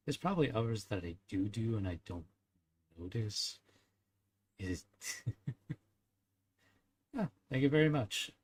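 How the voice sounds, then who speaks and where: A young man streams and chats casually with his live chat in a fairly low, darkish voice. He rambles, peppering his talk with fillers, small laughs and little verbal-tic sounds. A bit of hiss or hum is present.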